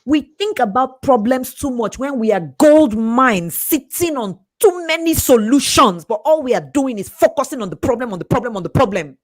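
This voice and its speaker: A woman coach talks fast and emphatically, her voice rising and falling with lively swings in pitch. She sits a touch above the usual register for a woman and laughs often as she presses her points. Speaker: speaker and coach. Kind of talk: motivational talk.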